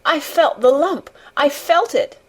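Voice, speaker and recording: A woman's voice: high-pitched, animated, measured pace, voice pushed up. A woman voicing a sickly, hysterical young boy who gasps and sobs. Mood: sobbing. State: sobbing.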